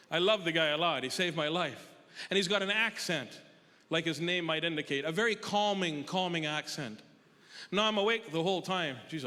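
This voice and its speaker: A man does stand-up with a fairly high voice, telling an exaggerated story in an animated way. His voice rings through a large hall with a long reverb, and the audience is plainly heard. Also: slight background noise. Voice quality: animated, exaggerating, tag questions. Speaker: stand-up comedian. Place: comedy festival stage in a large hall.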